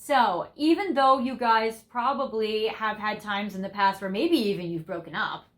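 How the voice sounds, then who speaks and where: A woman's voice: mid-range voice, moderate pace, fairly bright tone. A young woman giving a tarot reading to viewers, gushing and effusive, laughing often as she talks through the cards. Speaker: tarot reader.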